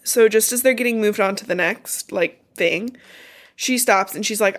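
A woman's voice: mid-range voice, moderate pace. A congested woman with a stuffy nose, co-hosting a podcast and loosely recapping a book in casual chat, swearing as she goes. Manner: chatty, loose retelling with swearing and asides. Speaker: podcast co-host.

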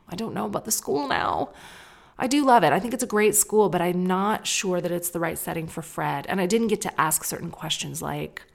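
A woman in her thirties hosting a casual monologue podcast, telling candid stories and acting out other people's voices. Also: vocal fry. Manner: chatty, candid storytelling with sudden jumps in pitch and loudness. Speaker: podcast host.

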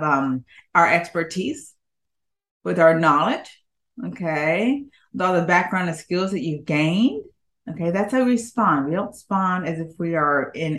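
A public speaking coach, a woman with a fairly bright tone, delivers an emphatic talk to her audience. She frequently checks in with "okay?" and swings her pitch up and down for emphasis.

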